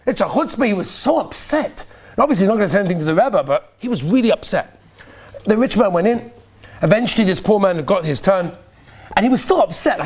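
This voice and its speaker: High-voiced rabbi telling stories animatedly. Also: male voice, fairly quick, breathy edge. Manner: animated storyteller, rising to near-shouts at peaks; mixes Yiddish and Hebrew terms into English. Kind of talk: Purim sermon with storytelling.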